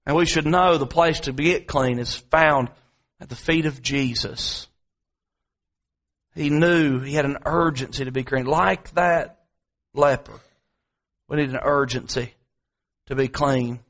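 A man preaching a sermon, telling a story from home and then building to repetitive, dramatic appeals with slow, drawn-out emphasis. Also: mid-range voice, fairly bright tone. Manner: dramatic preaching, swings between drawn-out emphasis and quick asides; repetitive, rhetorical delivery.

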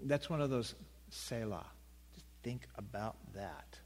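A man preaching a sermon in a conversational way, swinging between loud emphasis and hushed quiet. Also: mid-range voice, lively intonation, a little slow. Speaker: pastor. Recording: long hall reverb.

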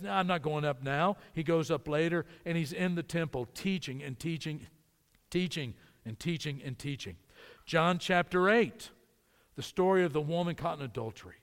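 A man's voice: fairly high pitch, long reverb tail. A man preaching a sermon, emphatic, repeating words as he builds a point.

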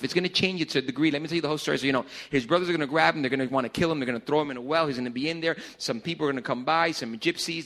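A middle-aged man preaching a casual youth sermon in a church hall, joking and swinging between loud bursts and hushed lines. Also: on the high side. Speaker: pastor.

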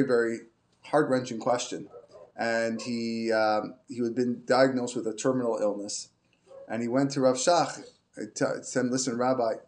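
A man gives an informal Torah class woven in. He halts and restarts often but grows animated as he tells stories. His voice sits at a middle pitch. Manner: halting, many restarts, animated when telling stories. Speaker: Torah teacher.

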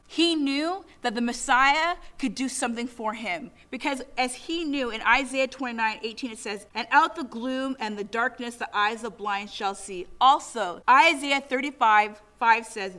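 A woman's voice: a little high, fairly bright tone. A middle-aged woman preaching a sermon in an earnest way, asking the congregation many questions.

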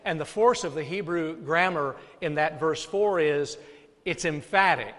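Male pastor, sermon, soft drops then loud rises, bright tense voice, long reverb of a church hall. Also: fairly high pitch, animated, normal speed.

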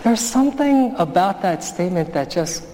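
A man's voice: sits high, animated, moderate pace, noisy background. A male pastor preaching a sermon in a conversational, storytelling manner. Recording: long hall reverb.

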